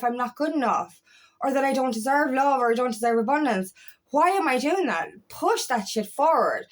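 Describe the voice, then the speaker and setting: A young woman, working as an empowerment coach, delivers an impassioned motivational monologue in a voice that sits high with a fairly bright tone. She swears often and repeats herself for emphasis.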